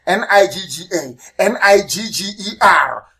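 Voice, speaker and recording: A Nigerian man gives an impassioned radio address as a movement leader, repeating phrases and spelling words out letter by letter. He is expressive and speaks at a measured pace, swinging between loud outbursts and low, quiet asides. The recording is low quality.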